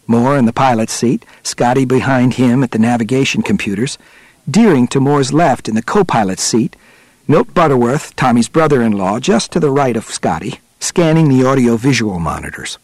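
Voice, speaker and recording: A man's voice: mid-range voice, no echo. Man narrating a story, dry close sound. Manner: steady, measured storytelling. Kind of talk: audiobook narration.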